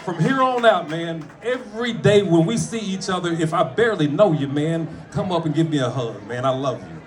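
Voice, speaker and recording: A man, a comedian, speaking at a friend's memorial, mixing funny stories with tribute, animated and profane, with sudden shouts. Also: fairly high pitch, normal speed. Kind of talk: storytelling eulogy with jokes. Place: room with a gathered audience.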